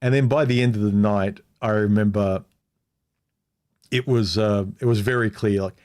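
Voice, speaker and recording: A man's voice: fairly low pitch, steady tone, normal speed, darkish tone, clean tone. A middle-aged man telling a personal story on a casual livestream, frank and rambling, restarting his sentences as he goes. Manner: rambling, frank, restarts often and acts out quoted speech. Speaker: vlogger.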